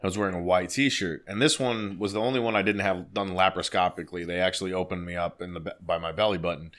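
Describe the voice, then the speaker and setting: A man telling a story in casual, profane chat, animated and laughing as he goes. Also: low-pitched, fast talker.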